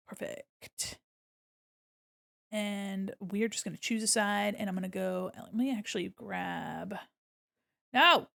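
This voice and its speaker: Woman streamer, casual drawing chat, unhurried, gravelly edge, joking asides. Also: mid-range voice, fairly bright tone. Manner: chatty and jokey, talking to herself while working; bursts of laughter and silly asides.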